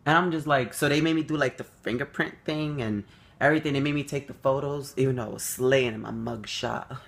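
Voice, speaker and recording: A young man telling a story to the camera, animated and swearing freely, acting out quotes. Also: fairly quick, vocal fry. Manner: animated, swears freely, acts out quotes with big jumps up in pitch. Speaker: vlogger.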